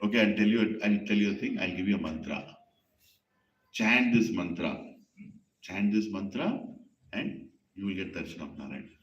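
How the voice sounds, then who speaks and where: A man's voice: low-pitched, lively intonation, normal speed, pauses often, echoey room, recorded from a distance, highs cut off, pitched below the performer's own voice. A man voicing an amused, dismissive old male sage who shoos a child away, speaking. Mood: instructing. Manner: laughing, scolding, shooing away.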